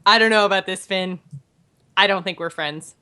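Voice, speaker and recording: A woman's voice: medium pitch, normal speed, pushed and bright, clean tone. A woman playing in a tabletop game, teasing the others and laughing easily. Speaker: player. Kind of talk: casual tabletop game chat.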